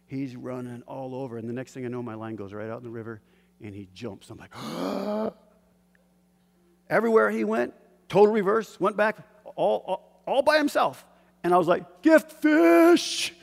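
A man telling a personal fishing story in a lively, animated way, acting out shouts and gasps. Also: medium pitch. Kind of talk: casual spoken story. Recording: hall with long reverb.

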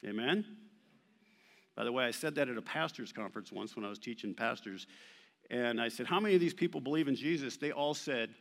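A male pastor delivering an animated sermon, emphatic and sometimes playful, quoting scripture with rising force. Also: medium pitch, a little fast, gravelly. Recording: long reverb of a large hall.

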